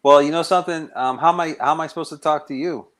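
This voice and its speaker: A man's voice: fairly high pitch, steady tone, fast talker, fairly bright tone. A man on a livestream panel, talking defensively with stammered restarts. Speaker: stream panel guest. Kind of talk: casual livestream chat.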